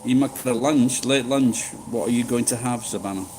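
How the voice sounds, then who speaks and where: A man's voice: medium pitch, moderate pace, a little mellow, a little hiss or hum, poor audio. A middle-aged man chatting casually with live-stream viewers, rambling and swearing freely. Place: living in Japan.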